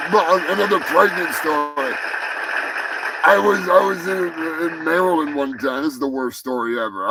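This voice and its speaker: Brief: loud, crude male storyteller host, high and gravelly, over background music. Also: poor audio. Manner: profane, rambling, bursts into shouting. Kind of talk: live show, rambling anecdotes.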